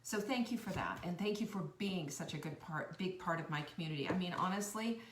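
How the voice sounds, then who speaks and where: A woman's voice: on the low side, lively intonation, brisk, distant mic, slight background noise. A middle-aged woman, a nutritionist hosting a live stream, talking to her viewers in a chatty, effusive and heartfelt way, rambling and restarting her sentences. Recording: roomy sound, speaker away from the mic.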